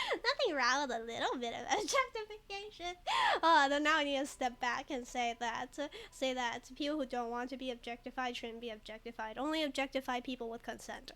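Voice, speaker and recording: A woman's voice: high voice, lively intonation, normal speed, hardly any pauses, a bit bright. A woman streaming a game who jokes, giggles often and reads chat in casual commentary. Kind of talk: casual let's-play commentary.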